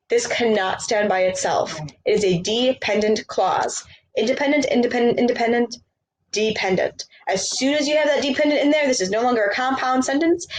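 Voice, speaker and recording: Woman, patient grammar teacher, drills with questions; higher pitch, light background noise. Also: poor audio. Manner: patient, explains step by step with question-and-answer drills. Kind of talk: grammar lesson over written examples.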